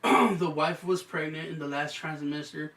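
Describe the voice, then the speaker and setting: A man's voice: fairly high pitch, steady tone, normal speed, fairly bright tone, distant mic. A man hosting a casual podcast, telling a story full of swearing and acting out what people said. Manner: profane storyteller, acts out quotes. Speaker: podcast host. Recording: roomy, off-mic with faint hum.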